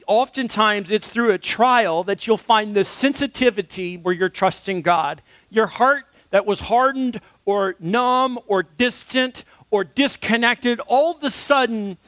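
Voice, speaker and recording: Pastor, male, thirties, high voice, dry close sound, earnest storyteller. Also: normal speed, fairly bright tone, no room sound. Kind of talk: sermon.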